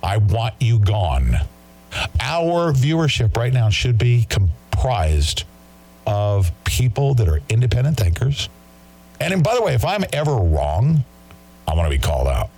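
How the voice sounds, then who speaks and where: A man's voice: mid-range voice, sing-song, a little slow, a little mellow, breathy edge. A male talk show host ranting in an emphatic, combative and sarcastic way.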